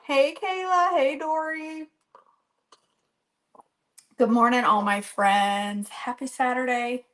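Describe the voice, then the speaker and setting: A woman's voice: sits high, expressive, slow, pauses often, fairly bright tone. A woman hosting a live cooking stream from her home kitchen, chatting and rambling as she greets viewers by name. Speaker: cooking channel host.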